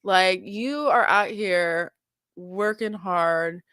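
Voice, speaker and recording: A woman's voice: medium pitch, drawn-out words, a bit bright, clear, resonant tone, no room sound, clean studio sound. A young woman streaming a reaction to a video, chatting and giggling to her viewers and saying "like" a lot. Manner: giggly, chatty, full of filler "like".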